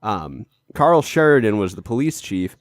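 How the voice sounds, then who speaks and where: A man's voice: fairly low pitch, very animated, normal speed, dry recording. A man co-hosting a comedy podcast, telling the story in a loose, rambling way with plenty of restarts and filler. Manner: rambling, self-interrupting storyteller. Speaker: podcast co-host. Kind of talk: casual comedic chat.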